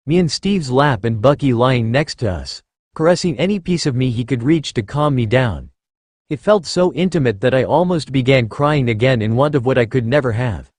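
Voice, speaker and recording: A man narrating a first-person fan fiction story in an expressive reading style. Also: mid-range voice, normal speed, no room sound, studio quality.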